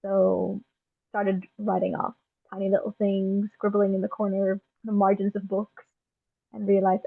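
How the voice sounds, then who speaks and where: A woman's voice: medium pitch, completely flat delivery, a little slow, creaky, no room sound. A young woman with an Irish accent, a guest poet chatting casually in an interview, with frequent ums and easy laughter, heard over a remote call. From Ireland. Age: young adult. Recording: tinny phone-like remote call.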